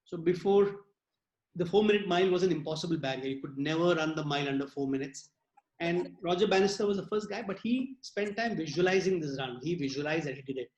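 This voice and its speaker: High-voiced man giving a workshop talk. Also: fast talker, a little mellow, roomy sound, muffled recording. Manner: explains with spoken examples, voice dropping for commands. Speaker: workshop speaker. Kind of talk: workshop lecture.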